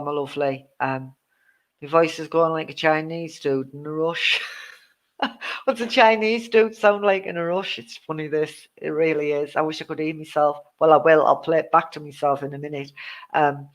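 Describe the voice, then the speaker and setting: A woman's voice: low-pitched, low-quality recording. A woman, a psychic medium giving a live-streamed reading in a chatty, repetitive way. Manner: chatty, repetitive, laughs at tech trouble. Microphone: live-stream setup with a glitchy connection.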